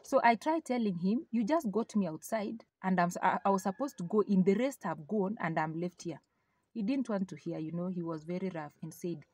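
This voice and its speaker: Woman, Kenyan accent, animated storytelling testimony, mixes in Swahili, medium pitch, dry recording. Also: a little fast, no room sound. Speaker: speaker giving a testimony. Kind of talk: personal faith testimony storytelling.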